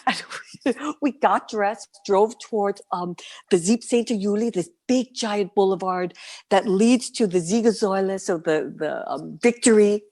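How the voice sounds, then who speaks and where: A middle-aged woman from New City, a guest performer telling her stories in an interview, lively and vivid, sometimes dropping to a whisper. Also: medium pitch, unhurried. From New York City. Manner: animated, vivid storyteller, breaks into soft whispers. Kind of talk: storytelling interview.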